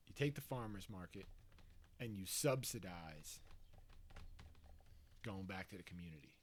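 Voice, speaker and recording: A man's voice: low-pitched, animated, measured pace. Agreeable man chatting on a podcast. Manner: agreeable, short replies, thinks aloud. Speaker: podcast co-host. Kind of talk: casual conversation.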